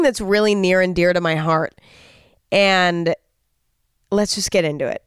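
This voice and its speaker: A woman's voice: fairly low pitch, fairly even intonation, measured pace, pauses often, smooth, no room sound, clean studio sound. A young woman hosting a podcast alone, talking in a candid, chatty way and swearing freely. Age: young adult. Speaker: podcast host. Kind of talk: casual solo podcast monologue.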